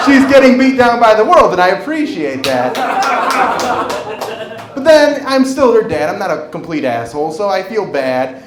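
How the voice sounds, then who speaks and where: A man in his forties performing a stand-up comedy set on a club stage, telling an animated story and acting out the voices of the people in it. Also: on the high side, heavy background noise. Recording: roomy live club recording with crowd laughter. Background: audience laughter.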